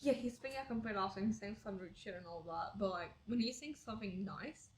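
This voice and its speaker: A woman's voice: medium pitch, expressive, fairly quick. A woman, a tattoo client, chatting casually and swearing freely. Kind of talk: casual chat. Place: tattoo studio.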